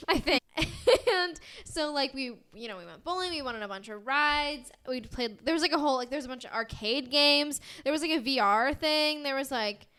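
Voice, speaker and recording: A young American woman co-hosts a podcast, her high voice pushed and bright at a normal speed. The chat is bubbly and casual, full of "like" and giggles.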